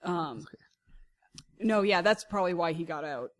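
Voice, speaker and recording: A man's voice: a little high, lively intonation, measured pace, no echo. A man co-hosting a casual podcast chat, rambling and hunting for words as he talks. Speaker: podcast co-host.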